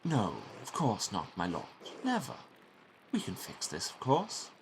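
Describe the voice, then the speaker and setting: A man plays a fawning older abbot in a game, softly spoken and placating, his pitch jumping around nervously. A faint hiss sits behind it. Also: huge pitch swings, a little slow. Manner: obsequious, placating.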